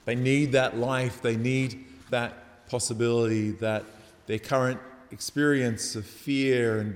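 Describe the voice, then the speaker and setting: A man preaching a homily in a church, his voice carrying a long reverberant tail from the hall around him. He talks reflectively and conversationally, posing questions to the congregation and pausing to think aloud. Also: medium pitch. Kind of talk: sermon.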